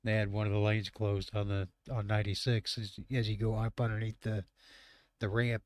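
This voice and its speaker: A man's voice: fairly low pitch, little pitch movement, moderate pace, no echo. A man who drives trucks, telling rambling, profane road stories and laughing often in casual chat.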